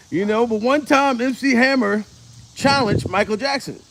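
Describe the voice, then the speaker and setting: A man's voice: high voice, lively intonation, slow, creaky, fairly bright tone. A man in his forties, a comedian, ranting casually to camera. He is profane and rambling and laughs often. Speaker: comedian vlogger.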